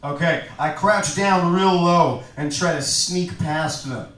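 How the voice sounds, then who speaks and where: A man plays in a tabletop game, describing his moves in a hesitant way as he searches for words. His voice sits a little high for a man. It echoes heavily and sounds distant from the mic. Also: slow, fairly bright tone. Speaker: player. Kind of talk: casual tabletop game play.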